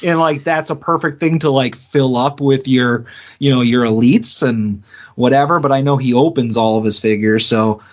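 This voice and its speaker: A man's voice: mid-range voice, moderate pace. A man co-hosting a podcast in casual chat, giving wry replies and laughing easily. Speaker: podcast co-host. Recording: dull lo-fi podcast audio.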